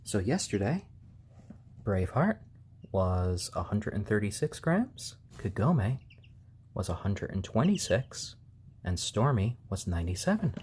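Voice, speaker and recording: A man chats on a casual live stream at an unhurried pace. His voice swings widely from low to high as he gently soothes and hushes the little birds. He pauses now and then to thank viewers by name. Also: big pitch swings, a little hiss or hum. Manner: gentle, soothing, hushing baby chicks; reads out viewer names and thanks them.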